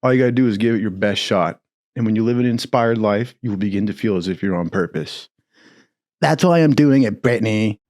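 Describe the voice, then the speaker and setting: A man in casual storytelling, swearing freely, laughing often, and acting out quoted lines in a higher voice. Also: fairly quick, darkish tone. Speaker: podcast storyteller.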